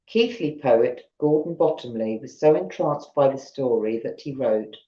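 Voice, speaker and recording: A woman's voice: a bass voice, animated, measured pace. A woman with a Southern English accent, reading ghost stories aloud at home and chatting with her viewers between them. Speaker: storyteller on a live stream. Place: at home on a sofa. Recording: roomy, dull lo-fi stream audio.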